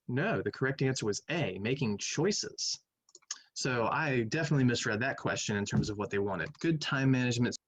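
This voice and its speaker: A male math teacher talks through quiz questions in a relaxed, conversational way, musing aloud as he weighs each answer. His voice sits at an ordinary middle pitch. The sound is dry and close, with no room echo. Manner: conversational, thinking aloud, hums while reading. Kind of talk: recorded online lecture going over quiz questions.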